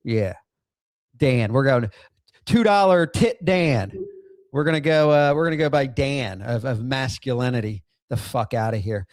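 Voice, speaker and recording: A man's voice: medium pitch, lively intonation, unhurried, a little mellow, dry recording, studio quality. A middle-aged man hosting a livestream, ranting with profanity and bursts of laughter while reacting to a clip and reading chat. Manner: heated, profane, laughing outbursts. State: in outpatient rehab.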